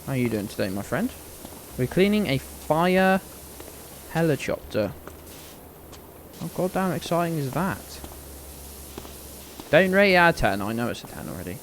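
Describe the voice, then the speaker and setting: A man's voice: a little high, sing-song, moderate pace, long pauses, a little hiss or hum. A man chatting casually and playfully while streaming a game, swearing freely. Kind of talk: casual live-stream chat.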